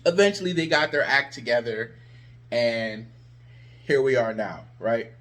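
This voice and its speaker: A man's voice: medium pitch, lively intonation, measured pace, a bit bright. A man ranting about his team in a sarcastic, exasperated vlog. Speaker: sports vlogger. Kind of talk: ranting fan commentary.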